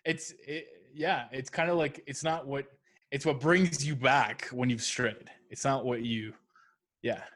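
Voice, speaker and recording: A man's voice: mid-range voice, steady tone, a little slow, fairly bright tone. A man talking as a podcast guest, candid and thinking aloud with frequent restarts. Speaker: guest, app founder. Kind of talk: casual conversation.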